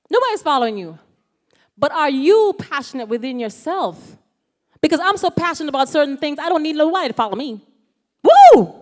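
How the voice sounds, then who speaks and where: A high-pitched woman gives a motivational talk to a youth audience. She is animated and keeps calling out questions to the crowd to draw answers. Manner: animated, asks the audience questions, calls out "yes, yes?". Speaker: motivational speaker. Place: ceremony hall.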